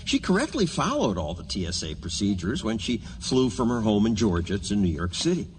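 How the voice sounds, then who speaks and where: News guy narrating a report, animated delivery, pointed questions, echoey long reverb. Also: fairly low pitch, fairly quick, slight background noise.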